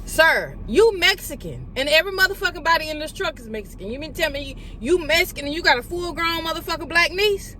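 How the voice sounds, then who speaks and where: A woman telling a story to her viewers, retelling a confrontation in an animated, profane way with heated quoted dialogue. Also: high-pitched, quick pace, hardly any pauses, a little hiss or hum. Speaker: vlogger. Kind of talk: storytime vlog.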